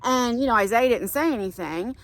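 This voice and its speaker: A woman's voice: a little high, animated, brisk. A woman in her forties telling a story in a chatty walk-and-talk vlog outdoors on a nature trail, filming herself on a handheld phone. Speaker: vlogger.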